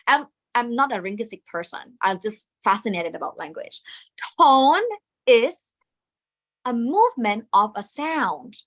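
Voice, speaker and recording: A woman's voice: mid-range voice, a bit bright. A woman with a Thai accent teaching Thai tones in a live online lesson, often checking in with "okay?" and singing syllables to demonstrate.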